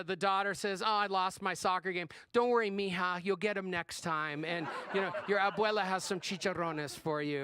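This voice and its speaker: A man performing stand-up on a live stage with a handheld mic. His voice sits high and rings bright and clear. He rambles in a chatty, self-deprecating way, full of fillers and false starts. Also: no echo. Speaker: stand-up comedian. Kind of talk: stand-up comedy set. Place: comedy stage before a live audience.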